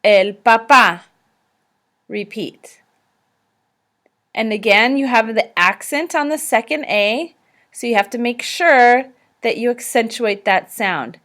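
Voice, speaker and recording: Slow, careful woman teaching vocabulary. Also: a little high, fairly bright tone. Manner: slow, careful, prompting listeners to repeat. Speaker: language teacher. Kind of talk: recorded slideshow lesson.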